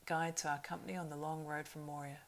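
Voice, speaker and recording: A woman voicing a grave, weary male ranger leader in an audiobook reading, solemn and measured. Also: low-pitched, flat delivery.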